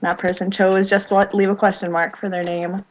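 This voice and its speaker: A woman's voice: medium pitch, little pitch movement, a little fast, a little hiss or hum, poor audio. A woman hosting a podcast, upbeat as she reads out listener notes. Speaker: podcast host. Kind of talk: casual chat.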